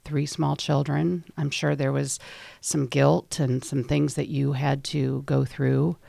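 A woman hosting an interview, gently summarizing and sympathetic toward her guest. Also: extremely low pitch, little pitch movement, slow, creaky, dry recording. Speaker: interview host.

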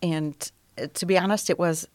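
A middle-aged woman telling her personal story as an interview guest, softly, often dropping to a near whisper. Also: fairly low pitch, fairly even intonation, moderate pace, dry recording.

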